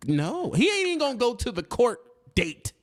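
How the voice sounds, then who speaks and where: Animated preachy man with lively pitch. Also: normal speed. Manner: animated, preachy straight talk with slang. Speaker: trucking channel host. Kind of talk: casual podcast chat.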